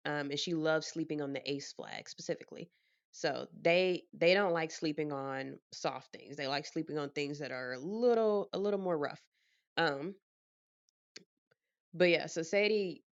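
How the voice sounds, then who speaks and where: A lower-voiced woman chats casually to camera from her apartment, telling stories with plenty of life and frequent laughter. The recording is a bit dull and lo-fi. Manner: animated, laughing storyteller. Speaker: vlogger.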